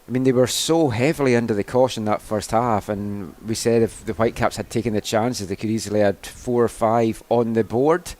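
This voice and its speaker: A man giving color commentary on a live women's football match, talking through the play in a relaxed, chatty way with frequent restarts. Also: on the low side, a little fast, hardly any pauses. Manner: chatty analysis with restarts and "I mean".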